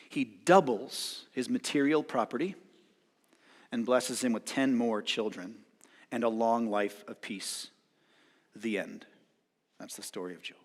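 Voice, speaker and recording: A male pastor preaching a sermon, retelling a story dramatically and acting out the voices with loud outbursts. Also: mid-range voice. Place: church hall. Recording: long hall reverb.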